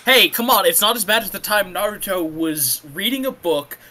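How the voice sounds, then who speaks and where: A man's voice: high voice, lively intonation, normal speed, pushed and bright. A young man co-hosting a casual stream, tossing out blunt, sarcastic quips. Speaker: co-host.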